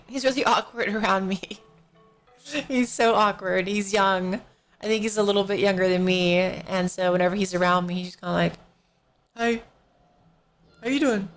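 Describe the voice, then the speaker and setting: A drowsy woman streams from her home desk and rambles through casual chat, yawning and a little out of it. She talks into a good desk microphone, with faint music drifting in from somewhere nearby. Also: mid-range voice. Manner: rambling, slightly out of it. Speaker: live streamer. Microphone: professional-grade desk microphone. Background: faint music from a neighbor.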